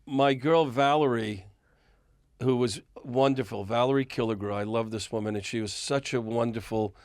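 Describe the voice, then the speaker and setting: A man's voice: medium pitch, normal speed, no room sound, clean studio sound. An older man, a record executive, telling a long anecdote as a guest in a podcast interview and chuckling often. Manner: animated storyteller, chuckles often.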